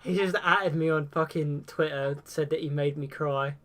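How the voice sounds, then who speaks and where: A young man, commentating on a live game stream, casual and excitable and swearing freely. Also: a little high, normal speed, a little hiss or hum.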